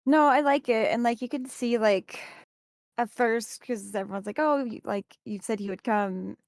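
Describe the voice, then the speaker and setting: A young woman co-hosting a podcast in casual chat, agreeable and quick to laugh. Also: a little high, steady tone, darkish tone, dry recording, studio quality. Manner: agreeable, frequent backchannel, laughs. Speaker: podcast co-host.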